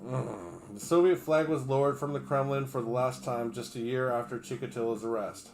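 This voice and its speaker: Man, streamer, reading aloud, sarcastic cussing asides, trips on words, mid-pitched voice. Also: normal speed, soft background music. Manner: reads steadily, breaks off for crude, sarcastic asides; stumbles over names and words. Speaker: livestreamer. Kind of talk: reading an article aloud on a livestream.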